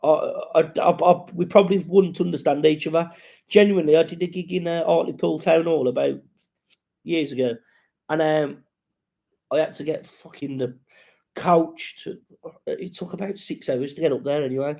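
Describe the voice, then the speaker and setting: A man's voice: a little high, normal speed, creaky, dark tone. A man hosting a casual live-stream chat, rambling and sweary as he greets viewers and reads out their comments.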